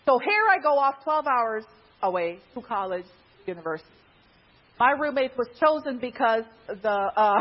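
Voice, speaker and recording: On a dull, lo-fi recording, a woman from Guyana casually recounts something that happened to her. She's chatty, laughs a lot, and her pitch jumps in an animated way.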